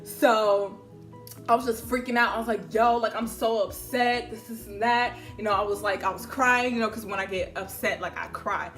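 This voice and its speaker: A young adult woman telling a casual storytime to camera, slangy and swearing freely, loudly acting out the conversations she recounts. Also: mid-range voice, fairly even intonation, moderate pace, faint music behind. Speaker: vlogger.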